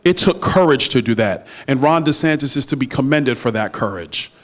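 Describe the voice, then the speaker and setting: A man's voice: mid-range voice, animated, normal speed, noisy background. A middle-aged man giving a campaign stump speech at a dinner, with emphatic oratory and playful banter with the crowd. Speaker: political speaker at a party dinner. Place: banquet room. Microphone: handheld microphone.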